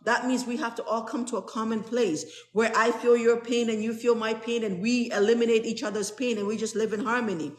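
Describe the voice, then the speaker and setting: Woman reading a spiritual book aloud to her group and explaining it as she goes, earnest, echoey room sound. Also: on the high side. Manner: earnest, pauses to explain passages in plain words. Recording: roomy echo.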